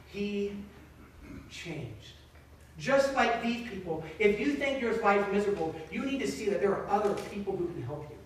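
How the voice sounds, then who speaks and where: Male pastor, 30s, high voice, lively chatty sermon, booming church echo, mic far away. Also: slight background noise. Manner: conversational, animated preaching. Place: church sanctuary. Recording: echoey sanctuary, distant mic.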